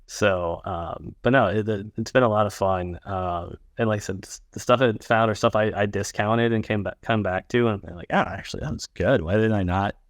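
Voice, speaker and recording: Male podcast guest, low-ish voice, dry sound, animated and sarcastic. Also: moderate pace, hardly any pauses, no echo. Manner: animated, sarcastic, jumps up in pitch. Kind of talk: casual chat.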